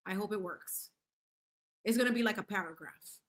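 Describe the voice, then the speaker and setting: A woman's voice: mid-range voice, moderate pace, noisy background. A young adult woman hosting a casual livestream, reading viewer comments in a playful, effusive way, laughing often and dropping in Spanish phrases. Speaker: livestream host.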